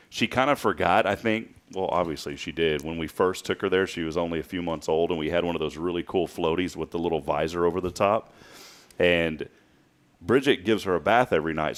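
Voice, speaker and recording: Chatty deep-voiced man in his late 30s. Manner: chatty storyteller, laughs often. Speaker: podcast host. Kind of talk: casual chat.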